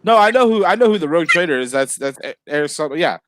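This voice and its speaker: A man's voice: a little high, expressive, fast, fairly bright tone, dry recording. Casual man hosting a livestream. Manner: distracted, juggling guests and chat. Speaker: livestream host. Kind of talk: casual chat.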